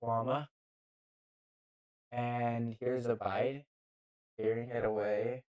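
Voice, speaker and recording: A man giving casual live play-by-play commentary on a football match into a handheld mic, halting and often unsure of player names. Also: medium pitch, little pitch movement, darkish tone, rough recording. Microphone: handheld microphone.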